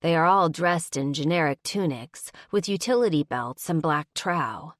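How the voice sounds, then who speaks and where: Deep-voiced woman narrating a romance. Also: expressive, moderate pace, no room sound, studio quality. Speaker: audiobook narrator. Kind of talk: first-person romance narration.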